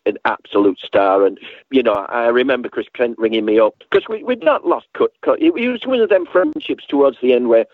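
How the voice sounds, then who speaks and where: A man's voice: mid-range voice, brisk, dry recording. A man telling a rambling story in an interview, often restarting sentences and acting out the voices of others. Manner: animated storyteller, acts out voices, frequent restarts. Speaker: guest recalling a late friend. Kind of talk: rambling spoken reminiscence. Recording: tinny phone-line sound, dry.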